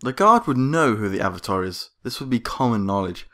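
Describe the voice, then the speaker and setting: A man delivers a scripted critique of a cartoon episode in a sarcastic, exasperated tone. His voice sits at an ordinary middle pitch. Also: animated, brisk, pushed and bright, faint music behind. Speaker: video reviewer.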